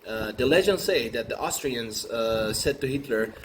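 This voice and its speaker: A man riffing through an improvised comic monologue, rambling and halting with many fillers and restarts. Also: medium pitch, animated. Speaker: comedian. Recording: noisy recording with room ambience.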